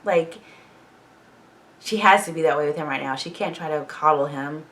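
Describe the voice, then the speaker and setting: A woman with a low-pitched voice rambles through a TV episode recap in a casual reaction vlog. She is animated and swears freely. She sits a little back from the microphone. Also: moderate pace, distant mic. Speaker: TV show reaction vlogger.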